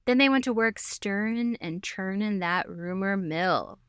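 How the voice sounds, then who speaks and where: A woman's voice: mid-range voice, measured pace, fairly bright tone, smooth, dry recording, studio quality. A woman co-hosting a casual history podcast, telling stories with playful asides and laughs. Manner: giggly storyteller, playful asides. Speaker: podcast co-host.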